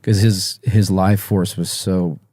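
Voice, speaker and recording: Low, mellow man, guest in an interview, halting and close to tears, dry sound. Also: fairly even intonation, no echo. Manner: halting, soft-spoken, many pauses and restarts. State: emotional, near tears. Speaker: musician guest. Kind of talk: emotional interview storytelling.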